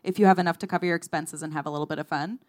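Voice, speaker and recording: A woman's voice: sits low, fairly even intonation, racing. An American woman guesting on a live comedy podcast, talking with lots of "like" and playful exaggeration. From United States.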